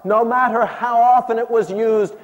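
A man's voice: extremely high pitch, steady tone, moderate pace, highs cut off, voice pushed up. Man playing a fervent old prophet, hall echo. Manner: swings from hushed to impassioned. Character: aged male prophet recounting his miracles. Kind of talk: first-person dramatic monologue. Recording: long hall reverb.

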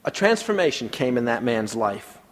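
A man preaching a sermon, leading a prayer and telling a story, swinging from loud to hushed. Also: mid-range voice, very animated, normal speed. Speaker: pastor. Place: church sanctuary. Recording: long reverb of a large hall.

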